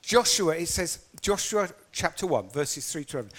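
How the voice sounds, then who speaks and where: High-voiced, animated male preacher. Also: normal speed. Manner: animated storytelling with acted-out quotes. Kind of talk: sermon.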